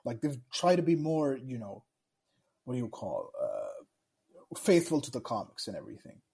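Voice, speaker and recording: A man's voice: medium pitch, wildly swooping pitch, normal speed, creaky, mellow. A man co-hosting a casual podcast chat, ranting with exasperation and swearing often. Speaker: podcast co-host.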